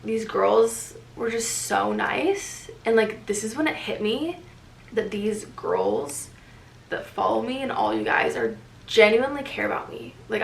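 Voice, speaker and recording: A woman's voice: medium pitch, creaky, recorded from a distance. A young woman vlogging to camera in casual talk, full of fillers and emotional as she recounts things. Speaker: running vlogger. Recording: echoey room, voice a bit off-mic, faint noise.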